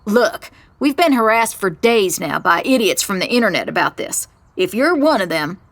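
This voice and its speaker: A woman voicing a gruff, curt middle-aged male stable manager with a central Kentucky accent, in a one-reader audio drama. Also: medium pitch, sing-song, moderate pace, fairly bright tone, dry recording. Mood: irritated. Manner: curt, irritated.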